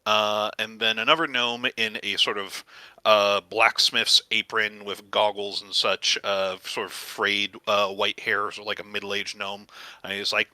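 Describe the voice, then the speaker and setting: A man narrating as game master in a tabletop game, with a halting delivery full of fillers. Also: on the low side, flat delivery, sharp tone, no echo, poor audio.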